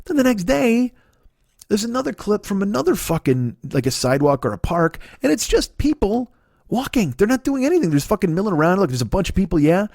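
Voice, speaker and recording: A man riffs alone on his comedy podcast in an animated, profane rant. His voice sits a little high, and he recorded it close and dry with no room sound. He keeps breaking into short mocking impressions of the people he describes. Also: fairly quick, vocal fry, dry recording. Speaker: podcast host.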